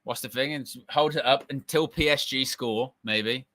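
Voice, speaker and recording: A young man doing casual live football watch-along commentary, reacting excitedly and shouting at big moments. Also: mid-range voice, normal speed, dry recording.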